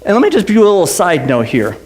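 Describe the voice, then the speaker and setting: A man preaching a sermon as pastor, swinging between impassioned, rising appeals and quick, conversational storytelling. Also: very animated, darkish tone. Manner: impassioned preaching, voice climbing high on repeated lines.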